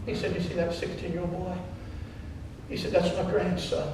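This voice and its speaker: A pastor from Wyoming, in the United States, preaches a sermon, telling a story with passion and acting out other people's words. Yet his high-sitting voice is completely flat at a normal speed, heard from far off in an echoey hall with heavy background noise.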